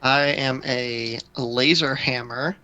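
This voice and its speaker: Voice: medium pitch, steady tone, takes it slowly, sharp tone, muffled recording. A player in a tabletop game on a live stream, dry and teasing.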